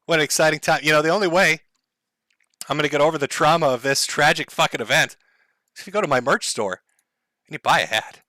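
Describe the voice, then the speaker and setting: A man's voice: on the high side, quick pace, long pauses, bright, forceful tone, no echo, studio quality. A man talking casually on a live stream, sardonic and mock-dramatic, laughing often. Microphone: headphones and desk mic.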